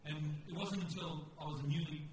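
A man's voice: on the high side, fairly even intonation, a little fast, a little mellow. A man preaching a storytelling sermon, candid and conversational, often restarting his sentences. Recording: echoey hall, distant mic, faint noise.

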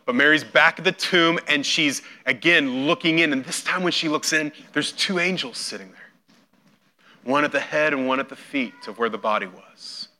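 Retelling a scripture scene in his sermon, this pastor speaks at a moderate pace in a slightly high voice. He performs the quoted characters storyteller-style, his volume rising and falling sharply.

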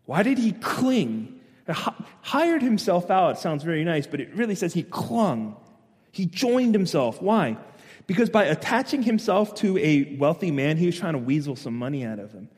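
A man preaching a sermon, telling stories animatedly and building to loud, emphatic points. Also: high voice, long reverb tail. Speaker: pastor.

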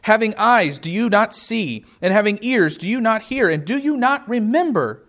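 A man's voice: sits high, animated, normal speed, a bit bright. A man preaching a sermon, reading scripture aloud and explaining it with rhetorical questions.

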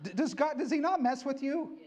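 A middle-aged male pastor giving an excitable sermon, acting out quotes as he preaches. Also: extremely high pitch, fairly quick.

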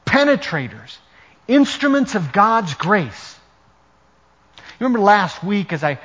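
A male pastor delivers a sermon with a fairly high voice that leaps up and down in pitch. He presses hard on key words, then drops to quiet asides. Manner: emphatic preaching, swings from loud stresses to quiet asides.

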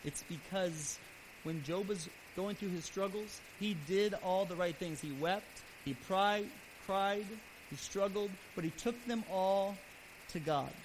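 Man, pastor, sermon, high voice, earnest, rising and falling loudness, hissy recording. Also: measured pace. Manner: earnest preaching, swelling louder then dropping soft. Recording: steady background hiss.

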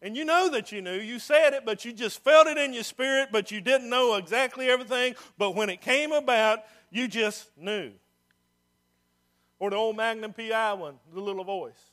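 High, bright-voiced preaching man. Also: normal speed. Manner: swings from hushed to loud and emphatic. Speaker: pastor. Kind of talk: sermon.

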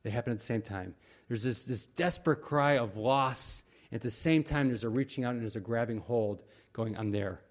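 A man preaching a sermon in a conversational, earnest way, often pausing with fillers and restarting his sentences. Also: mid-range voice. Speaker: pastor.

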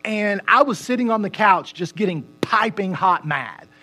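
A man's voice: high voice, animated, moderate pace, pushed and bright. A middle-aged man, preaching a sermon in a conversational, self-deprecating and joking way. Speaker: pastor.

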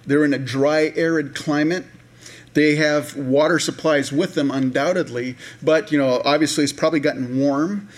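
A man preaching a sermon in a relaxed, conversational way, with many fillers and restarts, sometimes acting out voices of people in the story. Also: a little high, normal speed. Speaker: pastor.

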